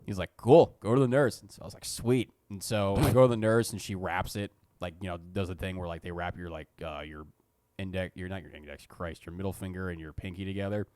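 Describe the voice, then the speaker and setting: A man's voice: low-pitched, fairly even intonation, fast talker, darkish tone, no room sound. A young man co-hosting a podcast, telling rambling, self-mocking school stories and swearing freely. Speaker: podcast co-host. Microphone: podcast studio mic.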